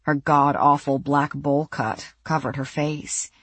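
Low, husky woman narrating a thriller. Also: flat delivery, dry recording. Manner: measured, tense storytelling. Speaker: audiobook narrator.

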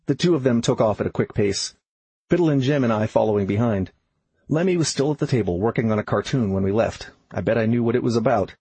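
A man narrates an audiobook in an even, unhurried way. His voice is very husky and breathy, at a middle pitch. The sound is dry and close. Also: dry recording, low-quality recording.

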